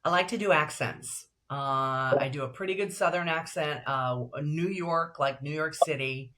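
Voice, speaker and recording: An older woman with a deep alto voice, a broadcaster and voiceover actress talking as a guest in a casual interview, lively and upbeat. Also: moderate pace.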